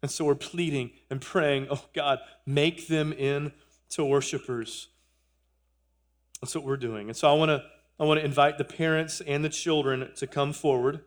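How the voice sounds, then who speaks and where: A man's voice: on the high side, steady tone, brisk. A man in his thirties, a pastor, preaching a sermon in church in an earnest way, repeating phrases and joking with the congregation. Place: church sanctuary.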